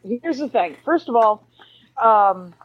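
A woman's voice: a little high, lively intonation, takes it slowly, no echo, lo-fi sound. Blunt, matter-of-fact woman comedian. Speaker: comedian and podcast guest. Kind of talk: casual interview chat.

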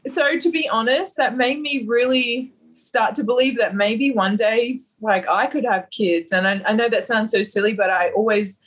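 A woman's voice: fairly high pitch, moderate pace, few pauses, slightly rough, low-quality recording. A woman from Queensland with an Australian accent, a guest on a podcast interview, telling stories bluntly and animatedly and swearing freely. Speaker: guest, fighter.

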